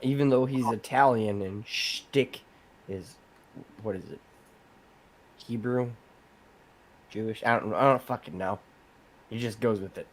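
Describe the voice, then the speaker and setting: A man's voice: lowish voice, a little slow, long pauses. A man co-hosting a casual podcast who rambles and swears casually as he jokes. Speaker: podcast co-host.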